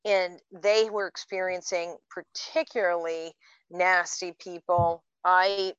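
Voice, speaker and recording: A woman's voice: on the low side, little pitch movement, slow, a bit bright, clear, resonant tone, dry recording. A woman in her fifties co-hosting a podcast, telling stories in a casual, chatty way with plenty of fillers. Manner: chatty storyteller, many fillers. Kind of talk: casual chat. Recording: dull, dry sound.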